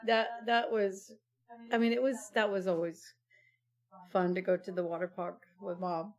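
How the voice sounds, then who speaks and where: A woman's voice: mid-range voice, steady tone, normal speed. A woman co-hosting a podcast, chatting casually with short reactions and laughing asides. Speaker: podcast co-host. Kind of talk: casual chat.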